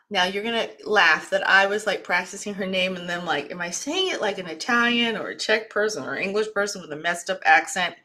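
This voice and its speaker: Chatty woman hosting a wellness livestream, bright voice, talks a lot and laughs easily. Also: mid-range voice. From East Coast of the United States. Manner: chatty, talkative, laughs often. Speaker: wellness program host. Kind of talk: casual livestream introduction.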